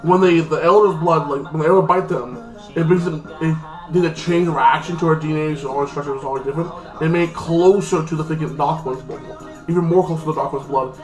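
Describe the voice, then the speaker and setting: A man's voice: on the high side, fairly even intonation, a little fast, a little mellow. A man giving a casual, rambling recap of a TV episode, filling his talk with constant "like". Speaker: TV episode reviewer. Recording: echoey room with faint music.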